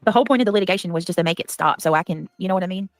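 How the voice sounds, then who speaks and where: Fast-talking woman livestreamer. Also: on the low side, no room sound. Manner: chatty, reads and thanks donations aloud. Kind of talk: casual livestream chat.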